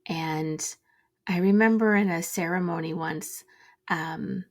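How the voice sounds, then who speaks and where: A woman hosting a reflective solo talk, speaking gently and musingly with many fillers. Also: on the low side, slow pace. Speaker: podcast host.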